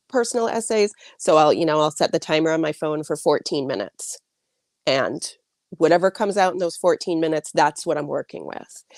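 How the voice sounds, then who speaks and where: Chatty woman author with a low voice. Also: darkish tone, dry recording, clean studio sound. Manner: chatty, many likes and restarts. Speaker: author guest. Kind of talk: casual interview answers.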